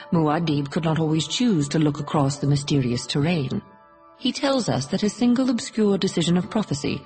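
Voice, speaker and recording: A woman reading a reflective passage of an audiobook in a calm, measured way. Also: deep voice. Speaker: audiobook narrator. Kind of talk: scripted narration.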